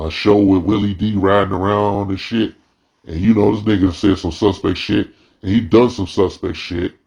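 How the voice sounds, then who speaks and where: A man's voice: fairly low pitch, creaky, darkish tone, slightly rough. A man commentating in a blunt, profane, heated casual rant. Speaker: video commentator.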